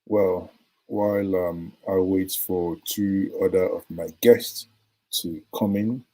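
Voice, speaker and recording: Give me a man hosting a news commentary show, hesitant and unhurried, speaking in a dark, low voice. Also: steady tone, low-quality recording. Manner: hesitant, many pauses and fillers. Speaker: show host.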